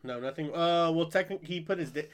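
A man's voice: on the high side, quick pace. A man hosting a podcast in casual chat, rambling and profane, laughing often. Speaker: podcast host.

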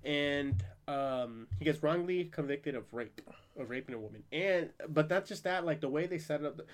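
A man's voice: on the high side, animated, normal speed. A man hosting a podcast in casual chat, rambling and profane, laughing often. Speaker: podcast host.

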